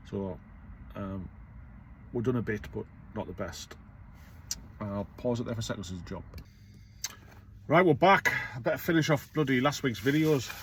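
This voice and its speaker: A man's voice: lowish voice, slight background noise. A middle-aged man, a self-employed courier talking casually in a rambling vlog monologue, blunt and swearing freely.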